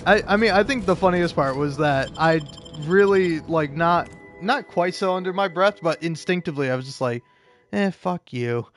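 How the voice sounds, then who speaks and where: A man's voice: fairly high pitch, moderate pace, few pauses, a bit bright. Rambling young man swearing over game music. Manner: rambling, self-interrupting, laughs often, swears. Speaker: gaming video creator. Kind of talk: casual storytelling while playing a game.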